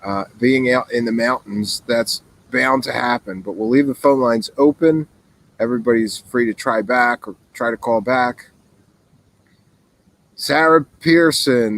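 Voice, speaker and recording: A man's voice: medium pitch, a little slow, poor audio. Guy hosting call-in show by a campfire, laid back, rambly, mid voice. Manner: relaxed, rambling, easily amused. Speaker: host. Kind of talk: casual call-in show chat. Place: outdoors by a fire in the mountains. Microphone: laptop mic.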